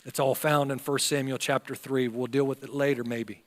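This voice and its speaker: A man's voice: medium pitch, flat delivery, normal speed, a bit bright, in a large hall. An older man, a pastor preaching a sermon and acting out the voices in the story. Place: church sanctuary.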